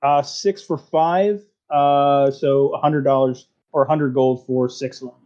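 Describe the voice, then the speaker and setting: Man running the game, easygoing, mellow, lo-fi. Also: medium pitch, fairly even intonation, unhurried. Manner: easygoing, many fillers. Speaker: game master. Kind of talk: narrating a tabletop game. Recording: dull lo-fi sound.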